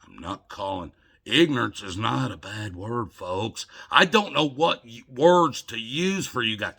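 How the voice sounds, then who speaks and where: Slow, gravelly older man ranting. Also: medium pitch, lively intonation. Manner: emotional and scolding, swings between loud outbursts and hushed murmurs. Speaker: video blogger. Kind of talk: ranting monologue to camera.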